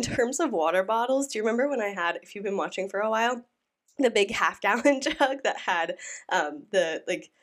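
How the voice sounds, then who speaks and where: A young woman hosting a reaction video, sounding out of breath from a sinus illness, rambling and teasing in casual chat. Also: mid-range voice. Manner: rambling, playful and mocking. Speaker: YouTube reaction host. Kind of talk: casual chatty commentary.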